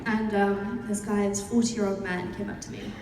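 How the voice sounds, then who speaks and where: A woman's voice: medium pitch, fairly even intonation, normal speed, a little mellow, recorded from a distance, slight background noise. Young woman chatting in an echoey hall. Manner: chatty, laughing, storytelling. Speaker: actor answering fan questions at a panel. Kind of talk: casual chat. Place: large convention hall. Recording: echoey hall, heard from afar.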